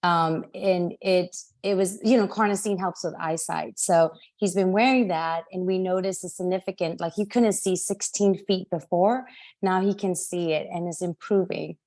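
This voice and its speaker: A woman's voice: on the low side, normal speed, a little mellow. A woman in her thirties sharing her family's story on a video call, often laughing and apologizing as she loses track of dates. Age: 30s. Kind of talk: casual video call testimonial.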